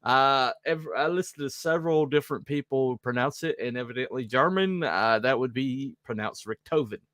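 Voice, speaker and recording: A man's voice: mid-range voice, normal speed, a bit bright, no echo, studio quality. A man from the South, co-hosting a podcast in casual chat, rambling with lots of fillers and joking asides. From Southern United States. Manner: rambling, self-mocking, full of fillers and asides. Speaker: podcast co-host.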